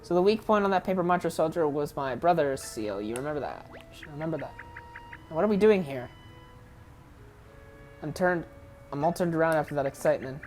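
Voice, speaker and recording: A woman's voice: deep voice, animated, fairly quick, pauses often, darkish tone, faint music behind. Rambling woman commenting on gameplay. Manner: rambling, frank, self-correcting. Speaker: let's play commentator.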